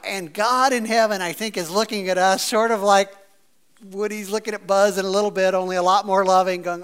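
A man preaching a sermon in a conversational, animated way, with many fillers and playful asides. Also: high-pitched, normal speed, smooth. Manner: playfully acts out quoted voices. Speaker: pastor.

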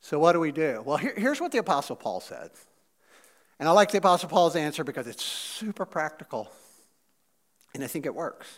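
A man with a high-pitched voice preaching a relaxed, chatty sermon. He talks like he's chatting with friends and drops in fillers and asides. He punches some points loudly and drops others to a near-murmur. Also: fairly quick, long pauses. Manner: animated, swings between loud emphasis and quiet asides. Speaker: pastor. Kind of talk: casual conversational sermon.

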